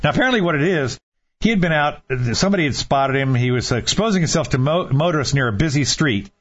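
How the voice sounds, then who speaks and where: A man's voice: fairly high pitch, animated, quick pace. A man hosting a casual comedic podcast, reading out news stories in a chatty way and laughing through them. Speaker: podcast host. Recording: dull lo-fi podcast recording.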